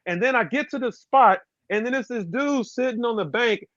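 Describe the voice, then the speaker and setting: Animated high-voiced man, laughing storyteller. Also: normal speed, dry recording, muffled recording. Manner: animated, laughs often, acts out voices in his stories. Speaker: podcast guest, tournament bass angler. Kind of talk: casual storytelling chat.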